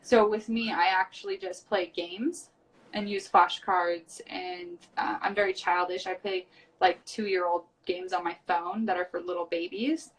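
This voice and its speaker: A woman's voice: on the low side, measured pace. A tired woman from the United States, a reality show guest, chatting bluntly and swearing casually on a live stream from a small storage room. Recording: voice from far off the mic.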